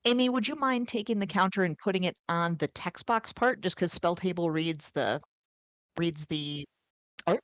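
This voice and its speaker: A woman's voice: on the low side, normal speed, no echo. A woman playing a card game over a stream, thinking aloud in a hesitant, casual way.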